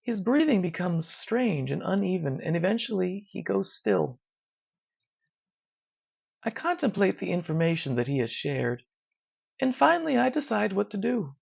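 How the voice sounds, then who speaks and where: A narrator reading a dark first-person horror story in a slow, measured, hushed way. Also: medium pitch, very animated. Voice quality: gravelly. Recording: dull lo-fi recording.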